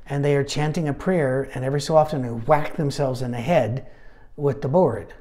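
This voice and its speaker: A man leading a Bible study in an easy, conversational style, dropping in stories and wry asides. His voice sits at a middle pitch with a mellow, warm tone. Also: normal speed. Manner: chatty and anecdotal, with humorous asides.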